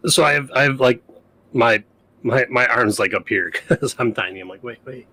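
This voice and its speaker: A man playing a tabletop game, excitable and laughing, piecing clues together aloud. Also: normal speed, no room sound. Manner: excitable, laughs, jumps into high pitch when surprised. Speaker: player. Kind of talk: casual tabletop play.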